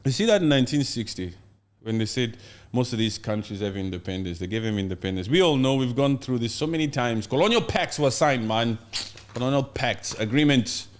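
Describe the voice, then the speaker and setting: A man hosting a casual podcast, talking in an animated way and acting out playful mock scenes. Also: mid-range voice, a little fast. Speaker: podcast host.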